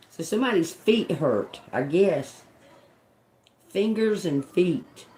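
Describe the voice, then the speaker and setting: A woman's voice: lowish voice, expressive, extremely slow, a little mellow, a little hiss or hum. A woman streaming live as a psychic reader, muttering single words over and over, puzzled and swearing at what she hears. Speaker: tarot and oracle live streamer.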